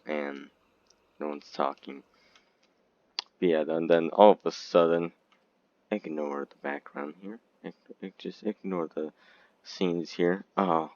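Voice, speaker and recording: A man giving rambling, giggly casual commentary over a game video, breaking into sudden squeaky outbursts, on a dull lo-fi recording. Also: fairly even intonation, slow pace, pauses often, darkish tone, dry recording. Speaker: gaming video creator.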